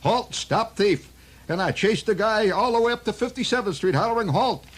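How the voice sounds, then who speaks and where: A man's voice: sits high, animated, normal speed, slightly rough, pitched above the performer's own voice. A man voicing a sad old Irish New York beat cop who talks in a lilting, wistful brogue. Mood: mournful brogue.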